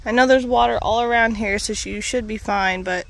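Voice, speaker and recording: A woman's voice: on the high side, steady tone, fairly quick, few pauses, sharp tone. Chatty woman vlogging on a walk. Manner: chatty, rambling, talks to her dog. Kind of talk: casual walking vlog. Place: outdoor trail.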